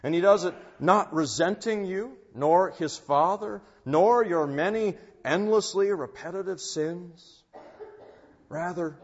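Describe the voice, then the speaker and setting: A man preaching a sermon in an earnest, unhurried way, rising in force on key phrases. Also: fairly high pitch, slightly rough. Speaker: pastor. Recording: dull sound with long church reverb.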